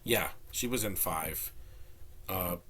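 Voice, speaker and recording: Casual male vlogger, Hispanic background, phone-recorded film review; bright, pushy tone, meandering with frequent self-corrections. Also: sits low, slow pace. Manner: rambling, many restarts and fillers. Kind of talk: casual spoken movie review.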